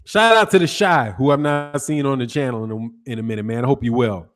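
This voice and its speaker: Speaking a little fast at medium pitch, this Chicago North Sider with a Chicago accent runs a live stream for a boxing channel. He keeps things loose and slangy, calling out chat viewers by name.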